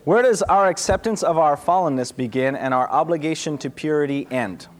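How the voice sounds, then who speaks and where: A man's voice: a little high, fairly quick. A man, a pastor, answering questions in a casual, conversational sermon, acting out small voices. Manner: conversational, animated, acts out little voices.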